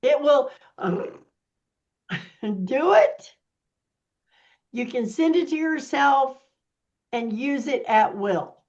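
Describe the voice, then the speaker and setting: Slow, sassy woman explaining things. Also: high voice, muffled recording. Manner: animated, sassy, explaining step by step. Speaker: workshop presenter. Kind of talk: casual teaching talk.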